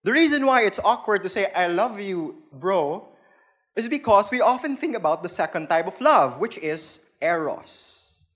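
A man's voice: sits high, lively intonation, normal speed, hardly any pauses, a bit bright. A man with a Filipino accent preaching a sermon, explaining things plainly and playfully, laughing at his own jokes.

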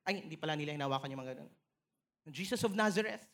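A woman with a Filipino accent preaching a sermon in church, building to emphatic, excited peaks. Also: racing. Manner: animated, rising to emphatic highs, mixing in Tagalog phrases.

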